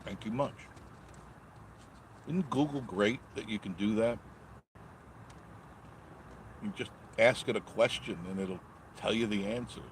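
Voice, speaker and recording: With a fairly low voice, a measured pace, and long pauses, a man talks over a little hiss or hum as he drives. He's vlogging live from his car, casually reading chat comments from viewers while rambling and making jokes.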